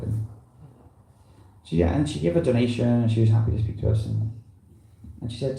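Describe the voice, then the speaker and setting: Man, visiting preacher, loose conversational talk, very dark tone, echoey temple room. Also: mid-range voice, fairly quick, creaky, long pauses. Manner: rambling and conversational, full of "you know". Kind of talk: informal talk to a temple congregation. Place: temple hall.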